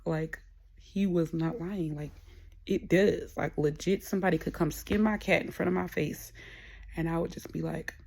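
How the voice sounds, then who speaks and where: A young woman sits with her podcast audience and talks through things in a loose, rambling monologue. Her voice sits a little low, and she speaks with candid, unpolished frankness. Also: fairly even intonation, moderate pace, creaky, a little mellow. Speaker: podcast host. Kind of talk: casual solo monologue.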